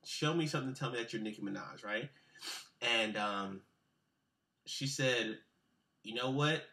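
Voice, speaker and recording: A man's voice: medium pitch, unhurried, bright, forceful tone. A young man being interviewed on webcam, telling a story in a loose, slangy, rambling way with many fillers and restarts. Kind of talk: casual storytelling.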